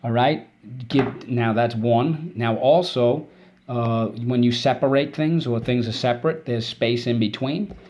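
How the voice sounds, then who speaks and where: A man teaching a spelling and vocabulary lesson for kids, explaining words patiently and drilling them in call-and-response with quick praise. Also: medium pitch, darkish tone, muffled recording.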